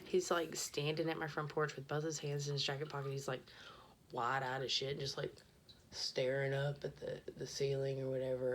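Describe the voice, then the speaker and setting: A woman's voice: a bass voice, little pitch movement, moderate pace. A woman hosting a podcast, telling a story in a casual, rambling way with lots of swearing, often dropping to a whisper as she retells it. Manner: profane, rambling, drops to a whisper when retelling. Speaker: podcast host.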